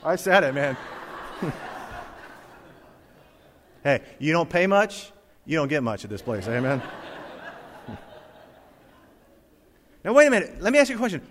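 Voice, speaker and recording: A man preaching a sermon, reading scripture aloud and swinging between loud emphatic lines and soft quiet ones. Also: a little high, very animated, measured pace, pauses often. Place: church hall with congregation. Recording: long reverb of a hall.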